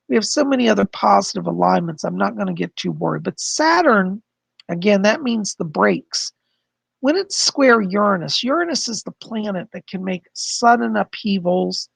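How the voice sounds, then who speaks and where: Male psychic host, hoarse, very gravelly and husky, chatty livestream explainer. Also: high voice, no echo. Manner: chatty, explains with frequent "okay?" and "you know". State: hoarse, losing his voice. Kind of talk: casual livestream astrology forecast.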